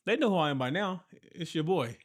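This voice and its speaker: A man co-hosting a relaxed podcast with his wife. He teases her in playful, ribbing banter, his intonation swinging widely up and down. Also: fairly high pitch, fairly quick. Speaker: podcast co-host, host's husband. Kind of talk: casual couple's podcast chat.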